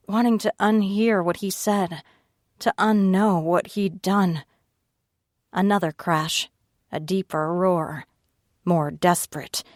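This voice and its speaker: A woman narrating an audiobook in first person, reading at a slow, steady pace and raising her pitch for the other characters' lines. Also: no room sound, studio quality. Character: tearful frightened young woman narrator, Ivy.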